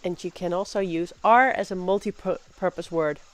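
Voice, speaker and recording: A woman hosting a casual livestream, reading aloud slowly and breaking into loud, playful pirate exclamations. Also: on the low side, soft background music. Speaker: livestream host.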